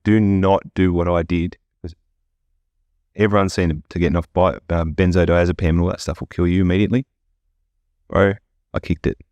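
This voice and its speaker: Guy, very low voice, dry close sound, candid and foul-mouthed podcast guest. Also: a little mellow, no echo. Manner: blunt, profane, candid storytelling. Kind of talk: casual podcast interview.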